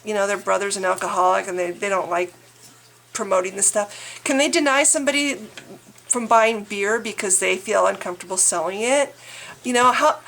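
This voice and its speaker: A woman's voice: medium pitch, fairly bright tone. A woman vlogger delivering an angry, exasperated political rant, swearing and stumbling over restarts.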